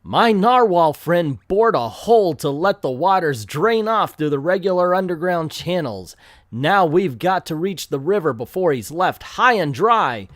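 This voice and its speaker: A man doing an earnest teenage sea hero from an old comic, exclaiming with excitement. The pitch is raised and the pace slows on his cries. Dry, close sound. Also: no echo, heavily acted. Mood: alarmed.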